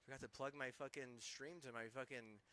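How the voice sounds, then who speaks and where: A man's voice: medium pitch, steady tone, fairly quick, bright, forceful tone, poor audio. A young man streaming games, ranting angrily with constant swearing. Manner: angry, profane, ranting. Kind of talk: casual gaming stream rant.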